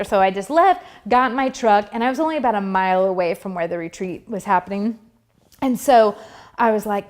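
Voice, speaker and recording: A woman with a mid-range, fairly quick voice shares her Christian faith testimony in a chatty, casual way. She fills it with fillers and acts out the thoughts she used to have.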